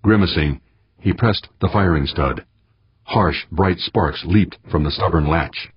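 A man reading an audiobook in a measured, steady manner. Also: deep voice, breathy edge, dry recording, muffled recording. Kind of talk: audiobook narration.

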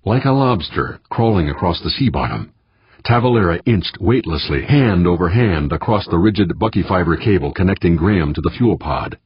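A man reading an audiobook in a measured, steady manner. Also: deep voice, husky, no echo, dull audio. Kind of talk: audiobook narration.

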